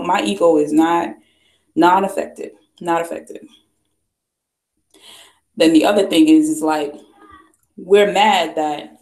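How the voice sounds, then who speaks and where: A woman's voice: lowish voice, darkish tone. Woman ranting on her vlog, keeps repeating herself, asks question after question, echoey room. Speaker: vlogger. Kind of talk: ranting commentary.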